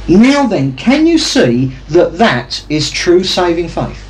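A man's voice: very high voice, very animated, a little slow, hardly any pauses, low-quality recording. A man preaching a sermon, teaching carefully and asking his listeners questions as he goes. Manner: teaching, asks the audience questions.

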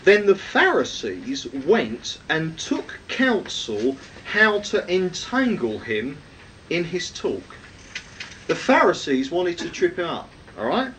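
A man's voice: wildly swooping pitch, slow pace, fairly bright tone. A man preaching a sermon, teaching from the Bible and often asking his listeners questions. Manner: emphatic, rhetorical questions to listeners. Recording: distant mic, faint rumble.

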